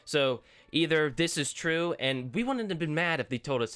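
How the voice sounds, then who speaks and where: A man's voice: on the high side, expressive, normal speed, few pauses, a bit bright, smooth. A teenage boy ranting as a gaming YouTuber, exasperated and sarcastic, rambling with restarts. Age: teens. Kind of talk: ranting vlog commentary.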